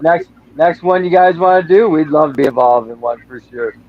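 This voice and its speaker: A man's voice: fairly high pitch, normal speed. A man appearing as a guest on a casual live stream, making dry, easygoing quips. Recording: dull lo-fi audio.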